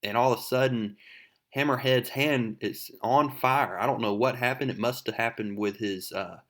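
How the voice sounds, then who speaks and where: A chatty man walks through a comic book page by page, with a mid-range voice and a relaxed, conversational delivery. He reads the characters' lines aloud as he goes. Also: medium pitch, normal speed. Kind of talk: casual comic book recap.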